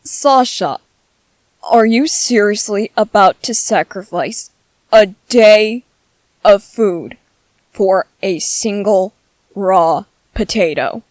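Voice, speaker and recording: A woman's voice: mid-range voice, slow pace, a little mellow, no echo, close to an everyday voice. A woman voicing a shy, bookish young male soldier in an ASMR audio drama, nervous and stammering. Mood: exasperated.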